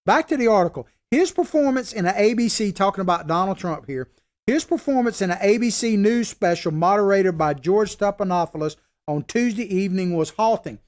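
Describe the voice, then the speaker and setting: A man with a fairly high voice holds forth on a political talk show. He is opinionated and emphatic but stays conversational, like a middle-aged host talking straight to his regular viewers. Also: lively intonation, a little fast, darkish tone. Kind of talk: casual political commentary.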